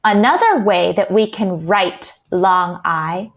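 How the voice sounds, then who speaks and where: Female teacher, very slow, clear, mid-pitched, patient repetition. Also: expressive. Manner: slow, clear, repeats sounds. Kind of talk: children's phonics lesson.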